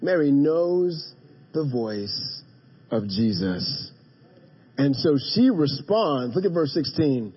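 A male pastor preaching a sermon in a church, moving from hushed emphasis to emphatic calls to his congregation. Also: a little high, big pitch swings, slow pace, husky, dull audio. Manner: dynamic preaching, drops to a hush then rises to emphatic calls; addresses the congregation directly. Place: church sanctuary.

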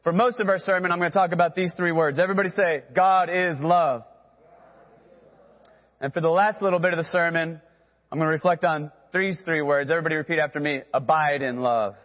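A man's voice: on the high side, steady tone, very fast, in a large hall, highs cut off. A man preaching a sermon as pastor, earnest and direct, who has the congregation repeat phrases after him.

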